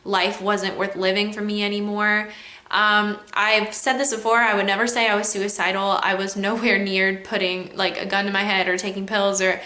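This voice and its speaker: A woman's voice: mid-range voice, flat delivery, normal speed, bright, forceful tone, echoey room. A young woman vlogging a candid personal reflection, close to tears, with many "like"s and "um"s. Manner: candid, emotional, with frequent "like" and "um". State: on the verge of tears.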